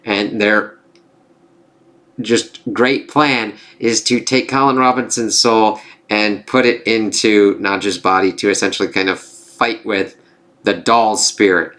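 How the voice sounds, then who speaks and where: A man's voice: fairly low pitch, fairly even intonation, slow, bright, forceful tone. A man casually recapping a TV episode, rambling and swearing, full of filler phrases. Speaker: TV reviewer.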